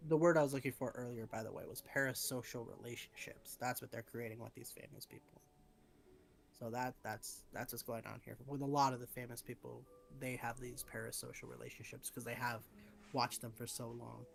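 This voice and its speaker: A man's voice: mid-range voice, steady tone, a little fast, gravelly. A man co-hosting a casual podcast, telling stories in a blunt, profane way. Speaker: podcast co-host.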